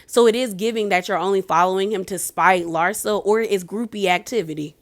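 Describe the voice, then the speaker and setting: A woman's voice: mid-range voice, fairly quick. Chatty slangy woman recapping reality TV. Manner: chatty, slangy, animated retelling full of "like" and "girl". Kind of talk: casual episode recap.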